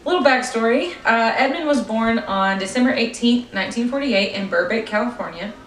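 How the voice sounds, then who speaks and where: A woman's voice: fairly high pitch, animated, a little fast, far from the mic. A young woman co-hosting a casual true-crime podcast, reading her notes aloud and breaking into giggles and stumbles. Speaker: podcast co-host. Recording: roomy echo, voice off-mic, faint room noise.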